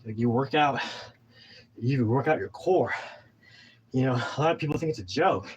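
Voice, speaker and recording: A man's voice: medium pitch, moderate pace, low-quality recording. Guy in his 30s winded from a workout, preachy and hyped, rambling pep talk, faint hum behind him. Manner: pumped-up, preachy, rambling with restarts. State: out of breath. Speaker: vlogger. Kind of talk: casual motivational talk while exercising.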